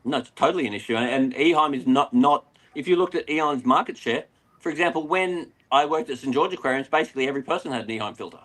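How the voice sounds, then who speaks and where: A man's voice: medium pitch, fast talker. A middle-aged Australian man, an aquarium retailer, chatting casually as a guest and rambling through stories. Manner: rambling, animated storyteller. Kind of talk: casual interview chat.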